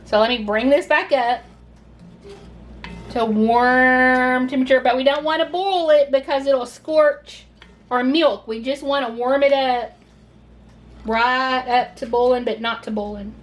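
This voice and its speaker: A Southern cooking channel host speaks in a high voice with fairly even intonation and a measured pace, chatting and gushing as she explains each step of a casual home recipe. She says "y'all" often, and a slight hiss or hum is audible.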